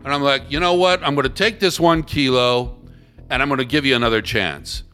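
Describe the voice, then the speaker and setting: Animated storytelling man, bright voice. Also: medium pitch, brisk, clear, resonant tone, soft background music. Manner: animated, blunt, swears freely. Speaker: interviewee. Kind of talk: casual storytelling.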